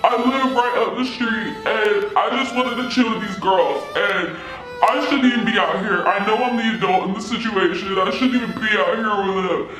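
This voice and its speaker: A woman's voice: lowish voice, lively intonation, normal speed, heavy reverb, faint music behind, pitched below the performer's own voice, lightly acted, poor audio. A woman doing a panicky, pleading young man. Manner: frantic, pleading.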